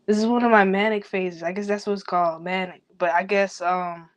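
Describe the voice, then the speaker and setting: A young woman venting in a rambling personal vlog, talking quickly, swearing a lot and talking to herself. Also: medium pitch, steady tone. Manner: fast, rambling, heavy swearing, self-talk. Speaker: vlogger.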